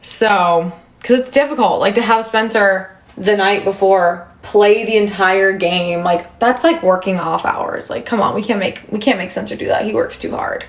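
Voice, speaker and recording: A woman in her thirties chats casually on a livestream and answers viewers' comments as they come in. Her talk is loose and full of fillers, at a middle pitch. The room around her is echoey. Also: normal speed. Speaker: livestream host.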